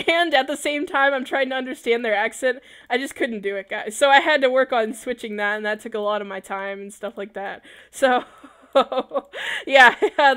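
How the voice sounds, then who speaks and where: A woman's voice: high voice, a bit bright. A young adult woman giving casual livestream commentary while building in a game, chatty and laughing often.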